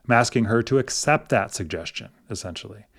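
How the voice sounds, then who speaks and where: Calm middle-aged man coaching on finances. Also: lowish voice, a little fast, vocal fry. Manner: thoughtful, hesitant restarts, gentle coaching tone. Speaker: personal finance video host. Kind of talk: casual explanatory talk to camera.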